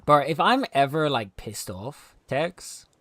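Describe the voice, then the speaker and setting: A man's voice: a little high, big pitch swings, takes it slowly, fairly bright tone, no echo. A man with a South African accent, a streamer chatting playfully and laughing often with friends while gaming. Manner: giggly, eager, pleading playfully. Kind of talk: casual chat over voice call while gaming.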